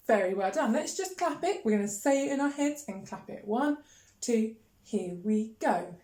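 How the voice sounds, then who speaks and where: A woman's voice: on the high side, expressive, normal speed, a little mellow. Encouraging woman chanting rhythm syllables. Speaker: music teacher. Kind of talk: children's music lesson. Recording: echoey room with faint noise.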